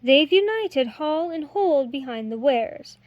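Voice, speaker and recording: A woman's voice: sits high, lively intonation, slow, no echo, dull audio. A woman voicing an earnest young woman harper.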